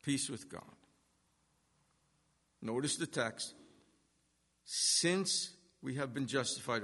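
A man delivers a sermon at an unhurried pace, leaning on single words and letting his voice swell for emphasis. His tone is bright and sits slightly high. The sound carries a long hall reverb. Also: slightly rough. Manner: slow, emphatic preaching with long pauses and swells in loudness. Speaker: pastor.

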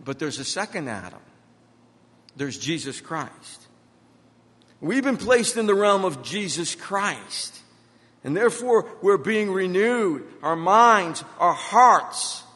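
A middle-aged pastor delivering a sermon, repeating key phrases and telling stories about his own life. His voice sits high and bright, with a forceful edge. The sound rings out with the long reverb of a church hall. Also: sing-song, takes it slowly. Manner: preaching with emphatic repetition and storytelling.

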